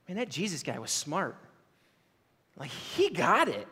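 A man's voice: fairly high pitch, huge pitch swings, measured pace, long pauses, sharp tone, slightly rough, big-room sound. A man preaching a sermon as a pastor, telling stories in a casual, conversational way and often checking in with "right?". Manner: conversational storytelling, frequent "like" and "right?".

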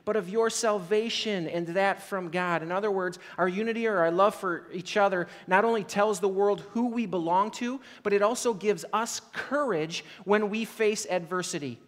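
This male pastor's voice sits high, and he moves at a normal speed with hardly any pauses while a long reverb tail trails behind him. His sermon unfolds as relaxed, chatty storytelling full of "like" and frequent "right?" check-ins.

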